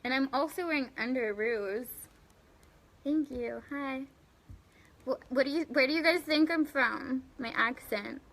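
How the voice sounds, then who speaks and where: Her voice sits high and a touch bright, and she keeps a measured pace. The young streamer loosely chats through viewer comments, giggling, calling people by name and filling gaps with fillers.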